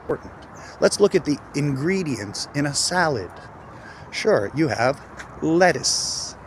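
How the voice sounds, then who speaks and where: A man's voice: on the high side, sing-song, a little hiss or hum. Emphatic man teaching pronunciation. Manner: emphatic, demonstrative, repeats words slowly for drills. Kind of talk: casual video lesson.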